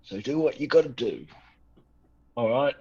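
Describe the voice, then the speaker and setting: A man playing a gruff, hard-drinking sailor woman. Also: medium pitch, sing-song, moderate pace, a little mellow, voice pushed up. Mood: conspiratorial. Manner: blunt, pushy encouragement. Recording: dull lo-fi sound.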